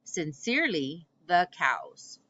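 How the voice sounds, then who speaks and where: A woman's voice: sits low, big pitch swings, slow, bright, forceful tone, slightly rough, no room sound, lo-fi sound, heavily acted. A woman voicing polite, stubborn letter-writing cows in a read-aloud storybook, reading their letters in a prim, formal way.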